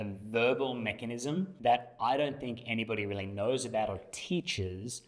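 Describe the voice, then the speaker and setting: A young man as a dating coach, explaining emphatically and acting out examples. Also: lowish voice. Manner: emphatic, illustrates with acted examples. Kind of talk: explanatory talk to camera.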